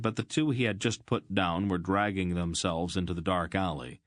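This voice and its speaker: A man with a low voice narrates a fantasy audiobook. He carries the action at a steady, measured pace. The recording is dry and close, with no room echo.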